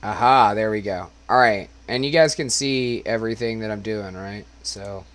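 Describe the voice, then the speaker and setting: A man's voice: on the low side, moderate pace, fairly bright tone. A man hosting a casual livestream, talking loosely and laughing, often trailing off mid-sentence. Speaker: host.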